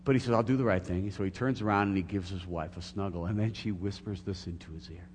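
A man's voice: sits low, a little fast, darkish tone. A middle-aged man preaching a sermon as a pastor, earnest and building to emphatic peaks. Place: church sanctuary. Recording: long hall reverb, faint hum.

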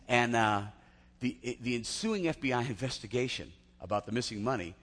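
A man's voice: medium pitch, lively intonation, moderate pace, fairly bright tone. A man preaching a sermon in a chatty storytelling way, often restarting his sentences. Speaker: pastor. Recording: long hall reverb.

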